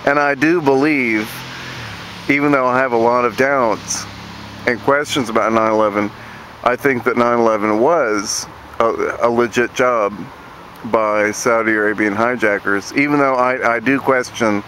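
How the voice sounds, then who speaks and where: An angry man from Virginia rants to camera, swearing constantly and sneering at the people he is attacking. His delivery is slow and drawn out, at a middling pitch. Faint street and traffic noise sits in the background. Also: fairly even intonation, a bit bright. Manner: profane, sneering, mocks opponents in shrill put-on voices. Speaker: vlogger ranting to camera. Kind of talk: angry profane rant.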